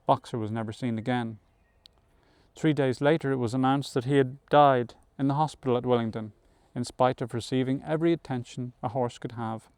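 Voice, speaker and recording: Man, audiobook narration, measured storytelling, smooth resonant voice, dry close recording. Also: mid-range voice, steady tone, a little mellow, dry recording. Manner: measured storytelling with occasional self-corrections. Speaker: audiobook reader. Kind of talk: scripted narration of a novel.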